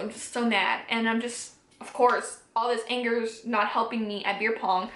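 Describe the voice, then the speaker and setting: A young woman speaks straight to camera, candidly recounting a personal story and acting out the lines of the people in it. Her voice sits fairly high. The room around her rings with a noticeable echo. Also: moderate pace. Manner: candid, animated retelling with quoted dialogue. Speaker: vlogger. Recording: echoey room.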